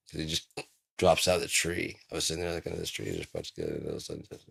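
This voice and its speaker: A man's voice: a bass voice, sing-song, rapid-fire, vocal fry, a bit bright, husky. A man vlogging in a rambling, profane, casual monologue, telling stories and putting on silly voices.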